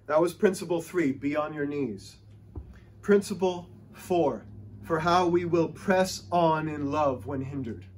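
A man preaching a sermon as pastor in a church, impassioned and exhorting, at times acting out excited stuttering. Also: a little high, unhurried, slight background noise.

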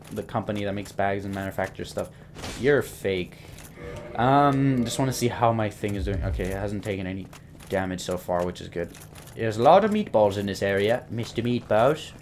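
A man's voice: lowish voice, background noise. A young man giving casual commentary while playing a game, rambling, joking and swearing at enemies. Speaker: gameplay commentator. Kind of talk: casual let's-play commentary.

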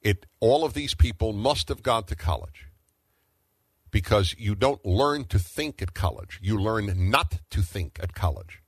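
A man's voice: lowish voice, lively intonation, unhurried, husky, no echo. A middle-aged man hosting a talk radio show, arguing emphatically and firing off rhetorical questions.

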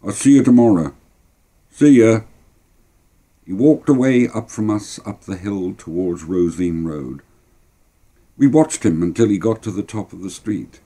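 An older man, telling a story from his childhood in a relaxed, dry way. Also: low voice, normal speed. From Cornwall. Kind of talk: reading a memoir story aloud.

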